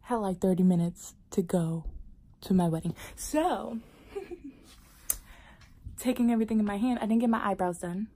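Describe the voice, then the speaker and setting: A woman vlogger casually telling a personal story to camera, animated and dropping into whispered asides. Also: medium pitch, unhurried, long pauses.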